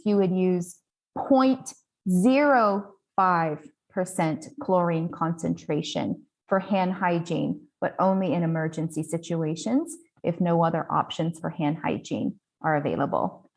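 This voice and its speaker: A woman panelist explaining infection control steps in a measured, instructive way and stressing key points, on a video-call mic. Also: on the low side. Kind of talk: explanatory webinar answer.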